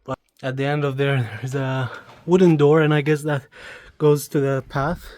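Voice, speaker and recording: A man's voice: mid-range voice, steady tone, moderate pace, darkish tone. A man vlogging as he walks outdoors at ancient ruins, thinking aloud with a joking, self-mocking manner. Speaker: travel vlogger. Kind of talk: casual walk-and-talk narration.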